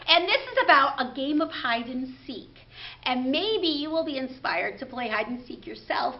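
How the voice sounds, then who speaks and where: Woman, high animated voice, slow sing-song rhymes for babies, dull lo-fi recording. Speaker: children's librarian. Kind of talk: baby story time, rhymes and songs.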